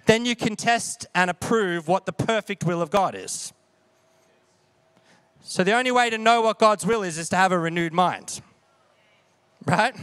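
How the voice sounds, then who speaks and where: A man with a notably high voice preaches a sermon, talking casually and often asking his listeners questions. The sound is dry and close, with no room around it. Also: a little slow, long pauses, fairly bright tone, clean tone, no echo. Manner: conversational, asks the audience questions. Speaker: pastor.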